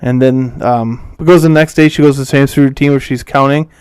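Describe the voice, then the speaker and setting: A man chatting casually as a podcast co-host, walking through a film's plot and slipping into quick quoted lines from the scenes. His voice is smooth and clear, and the sound is dry and close. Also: mid-range voice, steady tone, a little mellow, no room sound. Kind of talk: casual movie recap chat.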